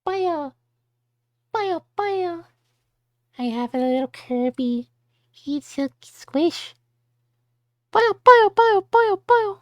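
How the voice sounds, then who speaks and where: A woman voicing a tiny cute round pink creature that babbles in a squeaky, very high voice. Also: animated, extremely slow, pauses often, a little mellow, no echo, studio quality, heavily acted. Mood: cheerful babbling.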